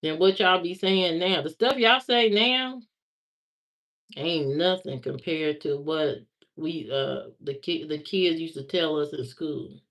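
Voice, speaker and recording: A woman's voice: low voice, expressive, takes it slowly, a bit bright. A woman in her thirties chatting casually on a livestream, answering viewer comments in a candid, rambling way with many fillers.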